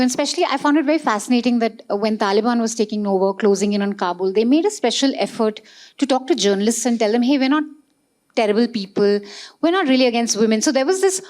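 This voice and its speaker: A woman's voice: fairly high pitch, a little mellow. Woman moderator asking probing questions. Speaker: panel moderator. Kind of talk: moderating a panel discussion.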